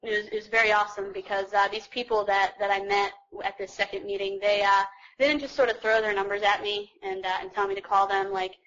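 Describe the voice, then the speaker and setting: A woman's voice: medium pitch, steady tone, fairly quick, fairly bright tone, muffled recording. A young woman sharing her personal story with a group in a chatty, self-mocking way, full of fillers. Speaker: speaker sharing her story at a recovery meeting.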